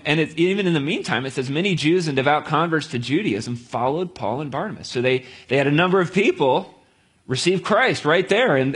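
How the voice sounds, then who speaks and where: A man preaching a sermon to a gathered group, in a conversational style with lively storytelling and asides. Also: mid-range voice, husky.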